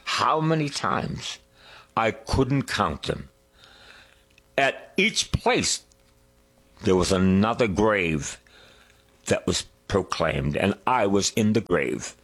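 A man's voice: on the low side, big pitch swings, slow pace, long pauses, fairly bright tone, slightly rough. A man preaching a sermon who sings hymn lines, swells on key words and drops to whispers.

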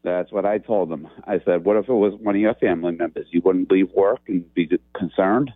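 A deep-voiced man telling his story over a tinny phone line, plain-spoken and easygoing. The sound is dry and narrow, as if squeezed through a call. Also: brisk, no echo. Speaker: caller.

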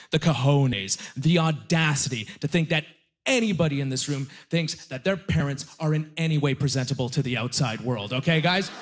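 A young man doing a stand-up comedy set on a club stage, telling self-deprecating stories in a conversational way. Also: a little high.

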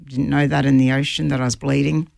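A woman's voice: very deep voice, flat delivery, quick pace, vocal fry, a little mellow, no room sound, studio quality. A woman guest earnestly recounting a personal ordeal at sea, a vivid storyteller who repeats phrases for effect.

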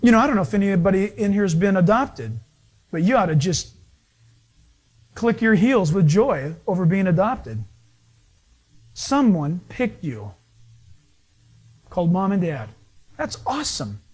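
Man, pastor, high voice, storytelling sermon, acts out other voices. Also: big pitch swings, measured pace, pauses often, a little mellow, husky.

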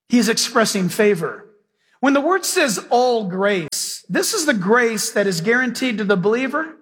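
Male pastor, animated folksy sermon, husky high voice, long hall reverb. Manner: animated preaching, acting out scenes, folksy asides.

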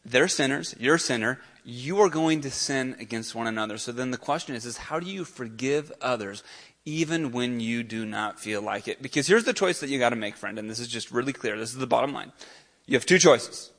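A man's voice: mid-range voice, a little fast, a bit bright. A male pastor preaching a sermon in an earnest, emphatic way, lifting his voice on key points.

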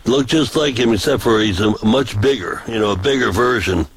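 A man's voice: medium pitch, a little fast, poor audio. An older man, a street preacher, telling folksy stories in casual chat with many restarts. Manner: folksy, rambling with repeated restarts. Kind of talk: casual storytelling.

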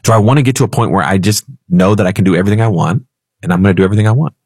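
Low-voiced, husky male radio co-host. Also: rapid-fire, darkish tone, dry recording, clean studio sound. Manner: chatty and storytelling, playful. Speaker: financial radio show co-host. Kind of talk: casual talk radio chat.

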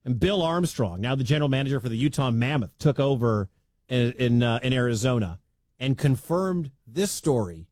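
A man from the Midwestern US hosting sports talk radio, talking in an animated, conversational and emphatic way. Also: medium pitch, normal speed, no echo.

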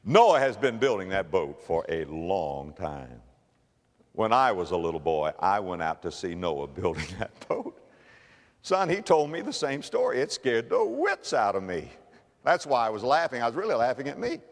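A man doing a gentle rueful father. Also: very animated, moderate pace, long reverb tail. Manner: soft, low, tender. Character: gentle, rueful father talking to his son.

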